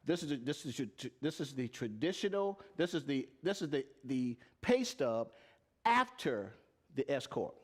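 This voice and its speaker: A man's voice: mid-range voice, big pitch swings, moderate pace, slightly rough. A man teaching tax and payroll to a live audience, plain-spoken and emphatic, often asking them questions. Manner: asks the audience repeated questions. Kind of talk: live-streamed teaching talk.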